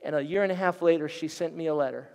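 A middle-aged man, a guest pastor, preaching an animated storytelling sermon in a church. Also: on the high side, fast talker, vocal fry. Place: church sanctuary. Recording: long hall reverb.

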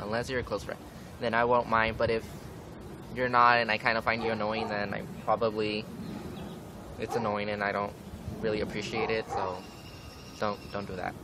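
A young man ranting casually to camera for a vlog, swearing often and filling with "like". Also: on the low side. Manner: frequent swearing, ranting, many fillers. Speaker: vlogger. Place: outdoors, windy. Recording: wind and traffic noise outdoors.

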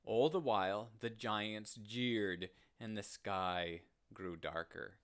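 A man reading a story aloud in a slow, deliberate, gentle telling. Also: fairly low pitch, smooth. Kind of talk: read-aloud story narration.

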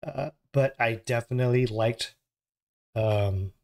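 A hoarse man hosts his reaction channel in an easy, casual chat, his voice still worn from an illness. He rambles and corrects himself mid-sentence and apologizes along the way. He speaks at an ordinary middle pitch, recording at home while the house sleeps. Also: slow, a little mellow.

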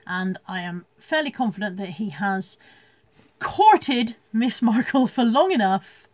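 A woman with a mid-range voice, a reseller hosting a live stream, chats casually from home. She rambles, laughs often, and reads out viewer comments, with no room sound in the recording.

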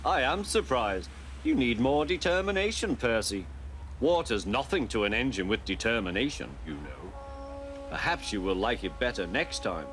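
A man's voice: mid-range voice, big pitch swings, normal speed, music in the background, lightly acted. A man voicing a proud, grumpy big engine in a storybook tale, speaking scornfully. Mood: mocking. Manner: scornful, snorting.

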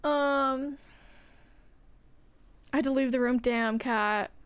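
A woman's voice: sits high, steady tone, slow, clear, resonant tone, no room sound. A young woman streaming a game, chatting casually with viewers in a rambling way and swearing now and then. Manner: rambling, chatty, swears often, talks to chat. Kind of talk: casual gameplay chat with viewers.

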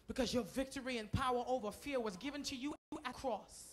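Very high-voiced man preaching loudly. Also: fairly quick, few pauses. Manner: shouting, repeated declarations. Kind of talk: impassioned sermon. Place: church.

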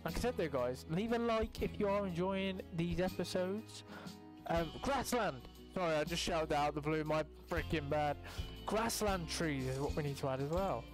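A young gaming YouTuber gives relaxed, rambling commentary on a building game at normal speed, his fairly high voice jumping into excited exclamations whenever something pleases him. He swears casually and talks straight to his viewers, with soft background music playing quietly behind him.

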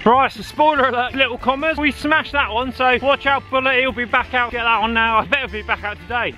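A man's voice: extremely high pitch, brisk, pushed and bright, faint music behind. A man, chatting casually while out cycling, joking and swearing freely. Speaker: cycling vlogger. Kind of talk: casual chat while riding. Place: outdoors on a bike on country roads. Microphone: action camera on the bike.

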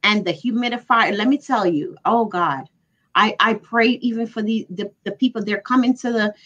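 A woman's voice: a little high, normal speed, fairly bright tone, lo-fi sound. A mother speaking as a guest, telling her story in an earnest, emotional way during a casual chat.

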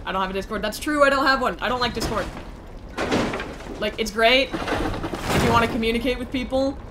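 A young woman streaming a game, chatting playfully with her viewers and squealing when excited. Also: on the high side, brisk, noisy background. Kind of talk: casual gameplay commentary.

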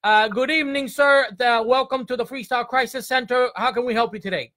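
A man's voice: extremely high pitch, fairly even intonation, fairly quick, bright, forceful tone. A man hosting a comedic call-in show, slangy, repeating his lines and stumbling over fillers. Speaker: show host.

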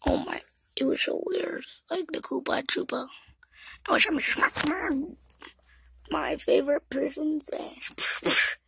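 Very high, creaky-voiced female vlogger. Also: takes it slowly, pauses often, a bit bright, a little hiss or hum, rough recording. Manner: rambling, often drops to a whisper. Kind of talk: casual rambling chat to camera.

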